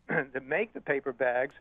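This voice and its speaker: A man calling in to a radio show, halting and full of uhs, indignant about his grievance. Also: medium pitch, lively intonation, no room sound. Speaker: caller. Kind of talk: phone-in call. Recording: tinny, dry phone line.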